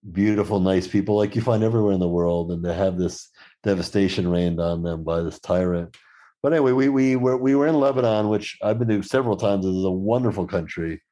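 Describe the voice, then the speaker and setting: A middle-aged man with a fairly low, mellow voice, chatting as a podcast guest. He tells his travel anecdotes with relish, slipping into the quoted voices of the people in his stories. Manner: lively anecdotal storyteller who acts out quoted exchanges. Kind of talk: casual storytelling conversation.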